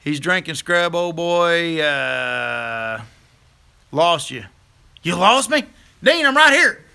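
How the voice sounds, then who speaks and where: Host, middle-aged man, high and piercingly bright voice, folksy live-stream banter. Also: sing-song, takes it slowly, creaky, clear, resonant tone. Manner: folksy, chatty, laughs easily. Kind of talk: casual live stream chat with viewers.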